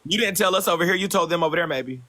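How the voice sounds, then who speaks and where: A man's voice: high voice, very fast, pushed and bright. A man hosting a livestream panel, easygoing, thanking viewers and reading out comments. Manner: easygoing, coaxing, reads out comments.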